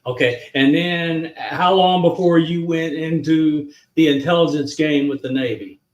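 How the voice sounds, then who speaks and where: A man's voice: fairly high pitch, a little slow, dull audio. An older man recounting his career in casual conversation, matter-of-fact and dry. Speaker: podcast guest. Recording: roomy echo.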